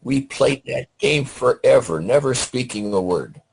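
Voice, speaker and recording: An older man from Detroit, a Vietnam veteran guest, recalls his childhood slowly over a remote call, pausing often with fillers. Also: mid-range voice, animated, gravelly, breathy edge, low-quality recording. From Detroit, Michigan. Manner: slow, halting recollection with many pauses and fillers. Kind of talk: storytelling interview. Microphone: remote audio call.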